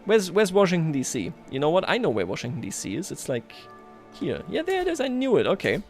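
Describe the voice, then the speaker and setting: A man's voice: high-pitched, wildly swooping pitch, fairly quick, darkish tone, soft background music. A man livestreaming a strategy game, talking casually to his chat, self-mocking and chuckling often. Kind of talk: casual gameplay commentary.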